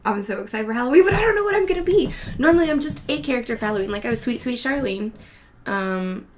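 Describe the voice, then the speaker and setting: A woman's voice: on the high side, animated, fast talker, a little hiss or hum. A woman hosting her own show, talking casually at home, laughing often and swearing freely. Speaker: show host. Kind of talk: casual monologue chat.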